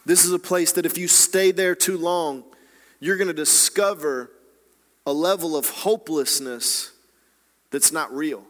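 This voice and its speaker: Man, pastor, sermon, bright higher voice, hushed then soaring delivery, long hall reverb. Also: unhurried. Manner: dynamic preaching, dropping to hushed tones and rising to loud exhortation.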